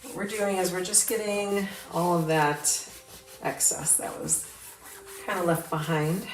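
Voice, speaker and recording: A woman's voice: fairly low pitch, fairly even intonation, measured pace, distant mic. A woman hosting a crafting demo, chatting enthusiastically to viewers as she works, with the hiccups. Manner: chatty, enthusiastic, talks to viewers while working. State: has the hiccups. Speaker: craft video host. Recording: roomy, off-mic, with clear background noise.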